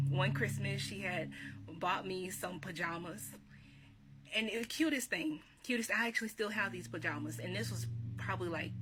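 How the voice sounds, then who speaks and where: Chatty woman, low voice. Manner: chatty, reminiscing, laughs often, repeats herself. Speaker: vlogger. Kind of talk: casual encouraging talk. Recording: steady background hiss.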